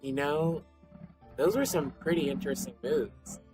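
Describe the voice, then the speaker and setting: A podcaster voicing a kind female school staff member, reading game lines plainly and calmly. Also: mid-range voice, unhurried, over music, close to an everyday voice, low-quality recording. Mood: reassuring. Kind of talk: reading game dialogue aloud.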